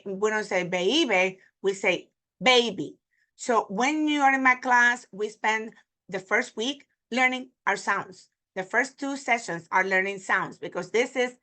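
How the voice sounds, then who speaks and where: Bright-voiced teacher. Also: female voice, mid-range voice. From Puerto Rico. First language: Spanish. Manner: demonstrative, repeating example words slowly. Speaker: Spanish teacher. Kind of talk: online pronunciation lesson.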